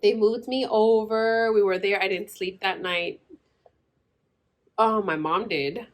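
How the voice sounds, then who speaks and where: A woman's voice: medium pitch, fairly even intonation, slow. A young woman vlogger telling her birth story in a chatty way, full of "like" and "girl", acting out the other people's lines. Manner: chatty, says "like" and "girl" constantly, acts out quoted voices. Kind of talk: casual storytelling.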